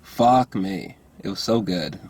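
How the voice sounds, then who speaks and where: A young man giving a casual movie review, rambling and profane, with lots of filler words and throat clearing. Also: low-pitched, lively intonation, slow, a little mellow. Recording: faint background noise.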